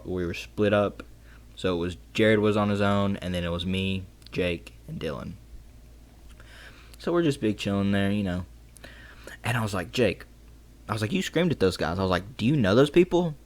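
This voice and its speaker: A young man casually telling a story, rambling with lots of "like" and slang, excited as he retells it. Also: lowish voice. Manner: rambling, heavy use of "like" and "bro", excited retelling. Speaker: storytime vlogger.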